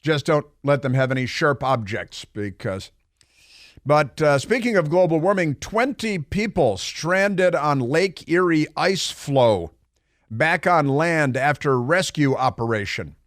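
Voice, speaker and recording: A middle-aged man hosts a talk radio show from a studio, delivering an opinionated monologue that mocks and rambles with plenty of fillers and asides. His voice sits on the high side with lively intonation and an unhurried pace. The studio microphone gives a dry recording.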